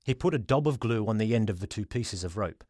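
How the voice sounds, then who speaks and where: A man reading a children's storybook aloud as the narrator, in an expressive way. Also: on the low side, fairly quick, dry recording, studio quality. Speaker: audiobook reader.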